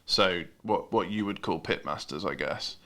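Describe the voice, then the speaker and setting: Here a podcast host from the UK speaks at a moderate pace, his low voice gravelly and sharp-toned. The talk is a relaxed interview chat, full of easy laughter and restarted phrases.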